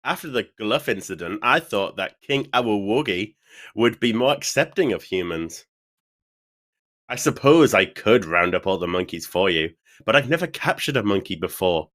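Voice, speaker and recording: A man's voice: on the low side, animated, moderate pace, a bit bright. A man reading the part of an earnest male adventurer in a game, in plain, formal quest dialogue.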